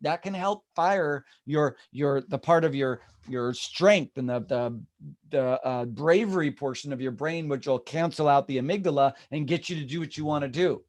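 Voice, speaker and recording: A man's voice: on the high side, moderate pace. A man leading a real estate team meeting, talking animatedly and acting out the people he quotes. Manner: animated, acts out quoted voices.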